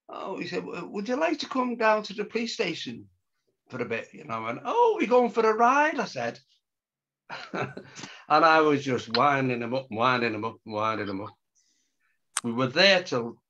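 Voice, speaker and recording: An older man recounts a story in a relaxed, chatty way, switching into the voices of the people he quotes. He talks at a middling pitch, and the recording sounds muffled and lo-fi. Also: vocal fry, a little hiss or hum. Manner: animated, acts out quotes, laughs often. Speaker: storyteller guest. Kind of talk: casual anecdote telling.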